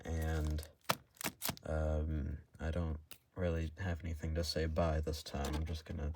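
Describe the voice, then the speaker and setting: A young man talking casually while opening trading card packs, in a monotone voice that stalls and restarts often. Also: very deep voice, measured pace, very noisy. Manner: monotone, hesitant with many restarts. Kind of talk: casual unboxing vlog.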